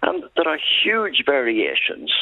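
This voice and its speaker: A man's voice: mid-range voice, huge pitch swings, measured pace, no echo. Chatty man on a tinny phone line. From Ireland. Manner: chatty, storytelling, emphatic. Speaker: caller. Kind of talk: phone-in radio chat. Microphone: telephone.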